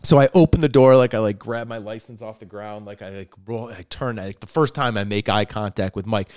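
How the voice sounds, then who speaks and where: A young adult man from Buffalo, New York, a comedian guest telling a wild story in casual chat, animated and swearing. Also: fairly low pitch, a little fast, few pauses, a crowd in the background. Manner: animated, swearing, gets loud and laughs as the story builds.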